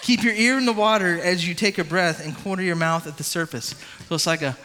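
Man as youth pastor, high and bright, interactive coaching delivery, reverberant hall. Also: a little fast, slight background noise. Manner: energetic, interactive, coaching and calling on the crowd. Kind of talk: youth sermon with a live swimming demonstration.

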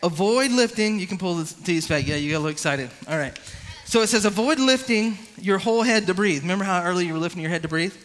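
A man preaching a lively youth sermon, coaching a volunteer through swimming moves and calling on the crowd. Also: high voice, fast talker, in a large hall. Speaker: youth pastor.

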